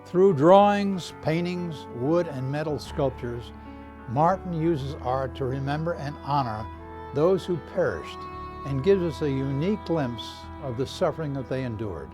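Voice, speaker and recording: A man reading scripted documentary narration in a measured, even delivery. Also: a little high. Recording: narration over clear music.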